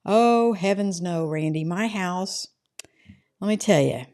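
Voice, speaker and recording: Slow and a little mellow, her voice sits on the lower side. This middle-aged woman is reading chat on a relaxed home livestream, chatting loosely with viewers and regularly adding "right?"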